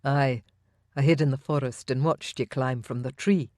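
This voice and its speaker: A woman voicing a steady young Highland warrior, calm and teasing. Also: normal speed, no echo, studio quality.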